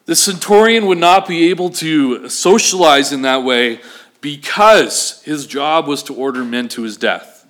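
Male pastor, animated sermon delivery, slightly high voice, asks the congregation questions. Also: a little slow.

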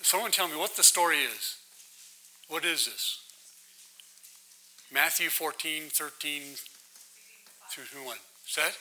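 A man's voice: on the high side, slow pace, long pauses, pushed and bright, a little hiss or hum, rough recording. A man leading a Bible study, preaching in a conversational way that keeps asking the listeners questions and checking in with "right?". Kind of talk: interactive sermon with questions to the audience.

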